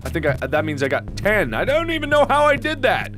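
A man giving excitable, panicky horror game commentary, often yelling and mocking himself as he talks to himself. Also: high-pitched, a little fast, over music. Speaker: let's-play host.

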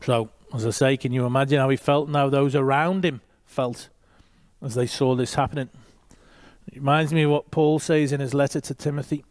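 A man's voice: medium pitch, fairly even intonation, normal speed, no echo, clean studio sound. A man reading a Bible passage aloud and teaching, with short asides to his listeners.

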